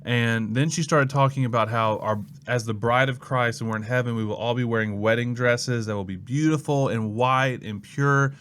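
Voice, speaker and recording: A man's voice: medium pitch, moderate pace, few pauses, clear, resonant tone. Young man telling stories. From Mississippi. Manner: lively storyteller who acts out quoted people. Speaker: student pastor. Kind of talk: casual storytelling in an interview.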